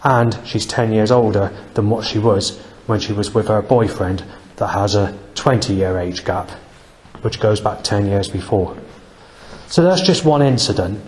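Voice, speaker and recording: A man speaking in a rambling, aggrieved personal monologue, halting often with fillers. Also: fairly low pitch, darkish tone, long reverb tail. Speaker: vlogger.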